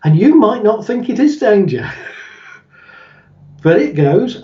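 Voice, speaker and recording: A man's voice: high voice, big pitch swings, slow pace, pauses often, dark tone. A man, a guest in an interview, explaining ideas through stories, chuckling often and acting out the voices he quotes. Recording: roomy, distant, dull sound.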